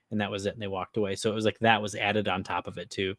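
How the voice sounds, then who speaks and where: Midwest dude rambling thru a story, swears a lot, lowish voice. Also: male voice, level tone, rapid-fire, fairly bright tone. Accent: Upper Midwest American. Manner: rambling, swears freely, laughs while telling. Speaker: podcast co-host. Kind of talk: casual storytelling chat.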